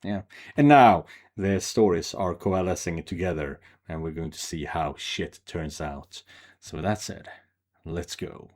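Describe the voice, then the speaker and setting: A man's voice: low voice, a little slow, a little mellow. A man hosting a casual let's play, commenting freely and swearing now and then. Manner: casual, swears, reacts with laughs. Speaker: game channel host.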